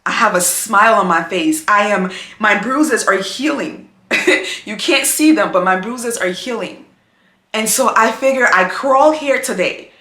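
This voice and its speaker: A woman's voice: mid-range voice, expressive, unhurried, sharp tone, reverberant. A woman vlogger talking to her viewers about faith, emotional and encouraging, speaking in a repetitive preaching cadence. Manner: addresses viewers as "girl". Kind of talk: heartfelt faith-based talk to camera.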